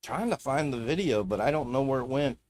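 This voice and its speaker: A man's voice: medium pitch, lively intonation, a little fast, darkish tone. A man streaming live, talking to himself as he browses videos, swearing and ranting in a casual, irritated way. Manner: profane, ranting, muttering to himself while browsing.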